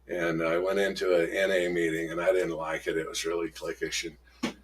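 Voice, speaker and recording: A middle-aged man candidly telling his life story in an interview, rough-spoken, acting out old arguments in raised voices. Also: deep voice, flat delivery, normal speed, a little hiss or hum.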